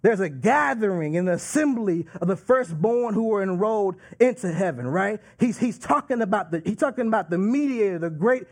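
A man preaching a sermon with emphatic, drawn-out delivery and call-and-response asides. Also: high voice, lively intonation, a little mellow.

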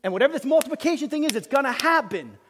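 A man preaching a sermon as pastor, emphatic, swinging between loud bursts and quiet asides. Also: extremely high pitch, expressive, very fast, background noise. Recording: long reverb of a large hall.

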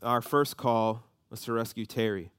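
Guy in his 30s preaching, telling a story all animated, dry close sound. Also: medium pitch, moderate pace, clean tone, dry recording. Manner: animated storytelling, voices rising with emotion. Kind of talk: sermon storytelling.

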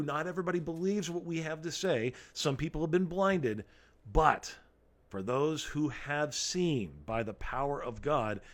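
A man preaching a sermon, reading scripture aloud and explaining it in an earnest, emphatic way, often repeating key phrases. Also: medium pitch.

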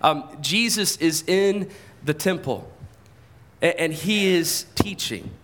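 Conversational man preaching a sermon, slightly high voice. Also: takes it slowly, a bit bright. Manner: conversational, asks the congregation questions, repeats words when starting sentences. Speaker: pastor. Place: church service. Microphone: handheld or stand microphone.

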